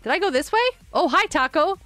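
A woman streamer chats through her game with a high, bouncing voice that swoops up and down, giggling often as she answers her viewers. Light music plays faintly behind her. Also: lively intonation, brisk, sharp tone, dry recording. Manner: giggly, chatty, reading chat aloud. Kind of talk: live game stream chat.

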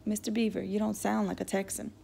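A woman voicing a kindly, soft-spoken male sheriff who questions a boy gently and awkwardly. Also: medium pitch, flat delivery, fast talker, gravelly, slightly rough.

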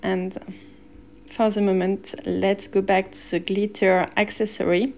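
Woman, fashion stylist, unhurried delivery, chatty and upbeat vlog narration. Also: mid-range voice, slight background noise. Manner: relaxed, chatty, enthusiastic about pieces. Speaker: personal shopper and stylist. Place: Paris shops and rooftop.

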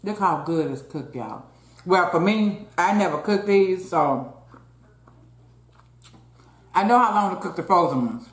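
A woman's voice: lowish voice, animated, unhurried, pauses often. A woman hosting a casual eating show, talking between bites and keeping up a running chat with her viewers. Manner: chatty, keeps calling out to viewers, talks between bites. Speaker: mukbang host. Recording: roomy echo.

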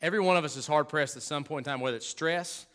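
A man preaching a sermon as pastor, emphatic and conversational, swinging from loud to hushed with humorous asides. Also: fairly high pitch, fast talker.

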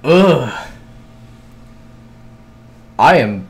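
A man's voice: medium pitch, expressive, a little slow, pauses often, a bit bright. A man streaming a video game, muttering to himself in casual, scattered chatter with frequent swearing and hiccups.

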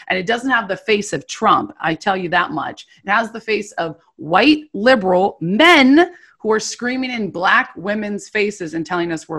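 Bright forceful woman getting fired up in a podcast argument, pushy and indignant. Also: mid-range voice. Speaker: podcast guest. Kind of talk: heated political debate.

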